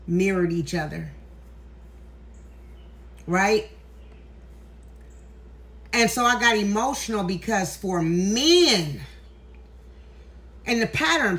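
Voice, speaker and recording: A woman's voice: mid-range voice, a bit bright. Emotional woman preaching into her phone. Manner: emphatic, preachy, emotional, swears freely. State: near tears. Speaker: tarot content creator. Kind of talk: emotional vlog monologue. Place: indoors, walking in a hallway.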